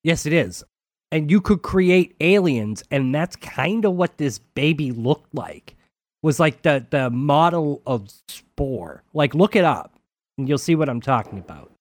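A man's voice: on the high side, lively intonation, unhurried, no echo. Playful man with a dry, close sound. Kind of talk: casual podcast chat.

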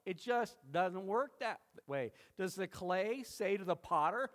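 A man's voice: high voice, expressive, measured pace, fairly bright tone. A middle-aged male pastor preaching a sermon, emphatic, with dramatic quoted lines.

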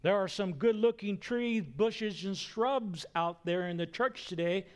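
A male preacher delivering a sermon in a slow, deliberate way. His voice sits a little high, and he acts out quotes loudly, then drops almost to a whisper for effect. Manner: slow, emphatic delivery with wide swings in pitch and loudness. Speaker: pastor.

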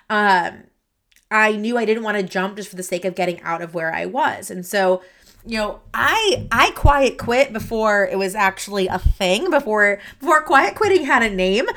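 A woman's voice: medium pitch, fairly bright tone. A woman hosting a solo podcast from her office, talking in a chatty way with many fillers and restarts, teary and sniffly. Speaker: podcast host and career coach. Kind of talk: casual solo podcast monologue.

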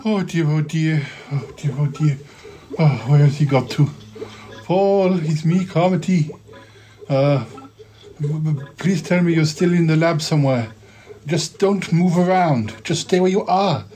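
A man's voice: fairly high pitch, unhurried, mellow, natural voice. A man voicing Cromitty, a fussy, dithering inventor who keeps fretting aloud. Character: fretful inventor Cromitty, keeps saying oh dear.

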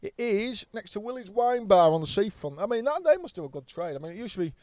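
A man's voice: high voice, very animated, quick pace, a little mellow, no echo. Man in his thirties, podcast guest, rambling and sweary, dry close sound. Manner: blunt, swears freely, rambling anecdotes. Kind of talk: casual storytelling chat.

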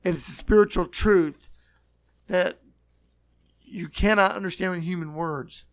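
A man preaching a sermon, earnest and repetitive, slowing down to stress key words. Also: high voice, no room sound. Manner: earnest, repeats phrases, slows for emphasis.

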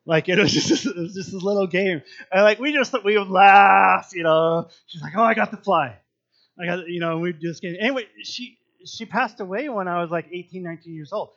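A man's voice: sits high, fairly quick, few pauses, fairly bright tone, highs cut off. A man leading a casual devotional Bible teaching, chatty and earnest with lots of fillers.

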